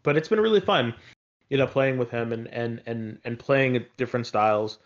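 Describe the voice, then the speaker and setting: A man chatting casually about games, rambling through his thoughts with plenty of fillers and false starts. His pitch sits in the middle range. The audio sounds slightly muffled. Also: normal speed. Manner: rambling, with many fillers and restarts. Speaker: podcast co-host.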